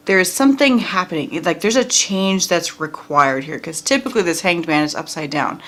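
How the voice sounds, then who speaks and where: A woman's voice: on the low side, a bit bright. Chatty woman doing a tarot reading. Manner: chatty, talks to viewer directly, laughs often. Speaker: tarot reader. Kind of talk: casual tarot reading vlog.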